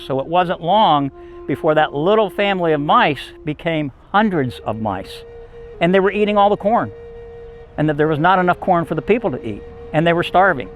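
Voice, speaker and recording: A man storyteller telling a folk tale to children in an animated, emphatic way. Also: on the high side.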